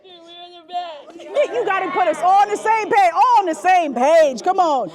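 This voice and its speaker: A woman giving a motivational talk to young basketball players, leading energetic call-and-response. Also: very high-pitched, measured pace, crowd noise. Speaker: youth basketball motivational speaker. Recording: echoey gym from a distance.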